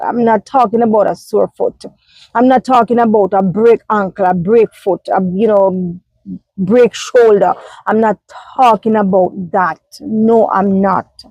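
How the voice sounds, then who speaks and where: Jamaican woman, casual car vlog on a phone, mellow tone, emphatic and repetitive. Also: mid-range voice, no echo, rough recording. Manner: emphatic, repetitive, many fillers. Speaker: vlogger. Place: inside a parked car. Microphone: phone held in hand.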